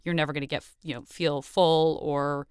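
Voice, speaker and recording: A woman's voice: low voice, flat delivery, normal speed, clear, resonant tone, no room sound, studio quality. A woman hosting a casual podcast interview, talking with effusive enthusiasm. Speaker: podcast host.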